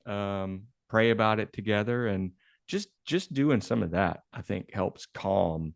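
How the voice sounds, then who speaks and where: A man co-hosting a talk show, speaking in a halting way and searching for his words. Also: fairly low pitch, lively intonation, gravelly, no room sound, clean studio sound. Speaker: podcast co-host. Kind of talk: casual chat.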